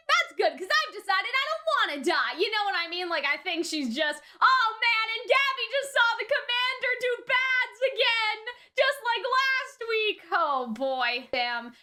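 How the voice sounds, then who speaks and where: Very high-voiced, slow-talking woman reacting. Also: pushed and bright. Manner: exclamatory, swears freely, thinks aloud. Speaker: anime reaction channel host. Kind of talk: casual reaction commentary.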